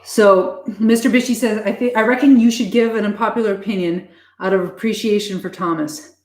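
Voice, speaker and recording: A woman's voice: mid-range voice, fairly even intonation, a little fast, darkish tone, reverberant. A woman host chatting casually on a livestream, out of breath, swearing freely and restarting her sentences.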